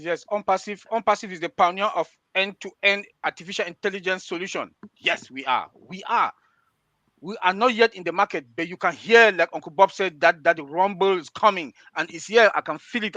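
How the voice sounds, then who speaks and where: A man giving hyped sales talk on a webinar, excited and repetitive, challenging listeners. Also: high-pitched, a little fast, dry recording. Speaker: presenter.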